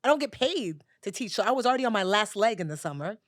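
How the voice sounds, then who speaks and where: A woman in her forties telling a personal story as a guest in an interview, animated and acting out other people's voices. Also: medium pitch, fast talker, no echo, clean studio sound. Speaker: guest, personal finance educator.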